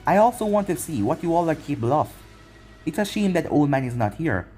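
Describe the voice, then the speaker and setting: A man voicing a vengeful young ninja who taunts slowly and coldly, in a fan-made anime story reading. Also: on the high side, very animated, warm tone, soft background music. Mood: menacing. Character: vengeful young man Naruto, cold and mocking.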